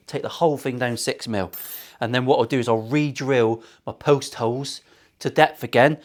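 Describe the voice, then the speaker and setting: A middle-aged man, a guitar maker hosting his own workshop video, talking in sweary, self-mocking, rambling banter. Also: medium pitch. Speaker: luthier and channel host. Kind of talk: casual workshop vlog banter.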